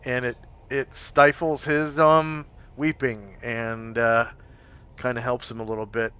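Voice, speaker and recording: A man acts as game master and talks the players through the scene at an unhurried pace, often pausing on fillers. His voice is bright and clean. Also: mid-range voice, little pitch movement, clean tone. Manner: hesitant, full of fillers. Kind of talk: describing scenes in a tabletop game. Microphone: home microphone on a live stream.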